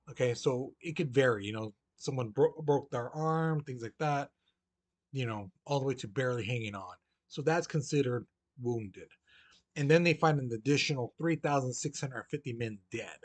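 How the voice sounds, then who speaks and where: Chatty male history teacher, slightly high. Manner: casual and chatty, often says "you know"; acts out historical figures in lively voices. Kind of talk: recorded classroom lecture.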